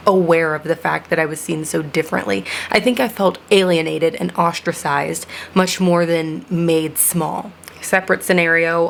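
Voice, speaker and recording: A woman's voice: fairly low pitch, vocal fry, slight background noise. A young woman talking to her channel's viewers in a reflective personal vlog, earnest and with sarcastic asides. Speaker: vlogger.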